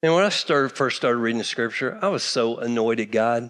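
A man's voice: medium pitch, animated, fairly quick, a bit bright. A middle-aged man from Texas, preaching a sermon emphatically and repeating key phrases. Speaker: pastor.

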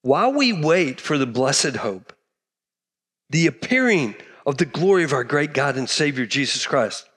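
A man's voice: on the high side, expressive, measured pace, a bit bright, slightly rough. A middle-aged man from Texas, preaching a sermon emphatically and repeating key phrases. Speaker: pastor.

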